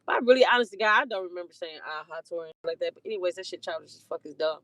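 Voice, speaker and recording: A woman's voice: fairly low pitch, rapid-fire, a bit bright, no echo. A woman telling a story in a casual, profane rant, swearing heavily and laughing between heated lines.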